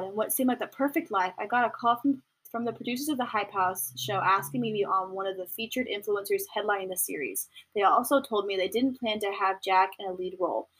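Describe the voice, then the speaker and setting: A fairly bright, slightly rough voice belongs to a young adult woman hosting a casual commentary podcast from home. She chats in a rambling manner and does mocking impressions in a high pitch.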